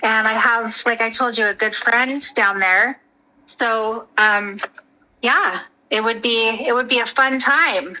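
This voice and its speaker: A woman's voice: on the high side, takes it slowly, bright, forceful tone, lo-fi sound. A woman calling into a livestream on a headset, chatty and laughing between phrases. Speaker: livestream guest. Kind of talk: casual call-in chat. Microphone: headphones with mic.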